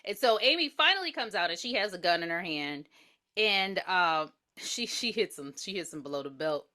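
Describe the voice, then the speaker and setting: A woman's voice: lowish voice, expressive, moderate pace, pushed and bright. A woman co-hosting a podcast, bluntly and sarcastically recapping a movie plot, swearing and quoting characters. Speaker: podcast co-host. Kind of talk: casual movie review chat.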